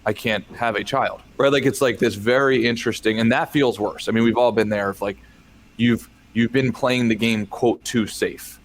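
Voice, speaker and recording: A man's voice: mid-range voice, fairly even intonation, moderate pace, slight background noise. A man co-hosting a podcast, speaking reflectively in a casual conversational way with some filler words. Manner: reflective, uses hedging fillers. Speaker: podcast co-host.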